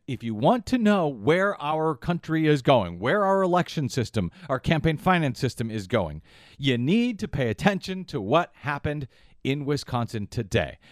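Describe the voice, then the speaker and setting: A man's voice: medium pitch, no room sound, studio quality. A man hosting a political talk radio show, emphatic and indignant, often repeating his phrases.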